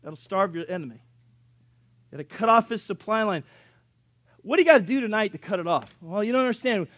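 A high-pitched male pastor preaching a sermon, dropping to soft storytelling with jokes and then climbing to loud, driving exhortation. The sound is dry and close, with no room around it. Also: expressive, brisk, no room sound. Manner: folksy, joking asides.

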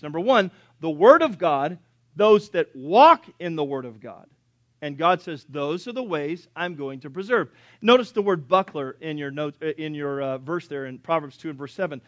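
A pastor preaching a sermon, animated and punchy, acting out biblical characters in different voices. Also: male voice, high-pitched, no room sound. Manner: punchy, swings between loud and soft.

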